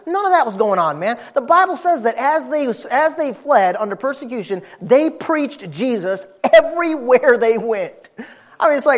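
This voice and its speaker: A man preaching a sermon, telling a personal story in an animated, folksy, emphatic way. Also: extremely high pitch, normal speed.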